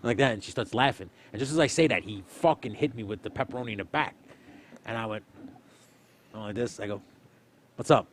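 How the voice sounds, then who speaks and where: A man's voice: fairly low pitch, brisk, long pauses, a little hiss or hum. A man casually telling a rowdy story, swearing and acting out every line of dialogue.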